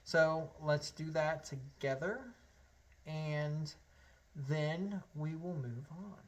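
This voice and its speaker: A man's voice: fairly high pitch, steady tone, drawn-out words. A man teaching a harmonica lesson, explaining step by step in a friendly way and counting beats aloud. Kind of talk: online music lesson.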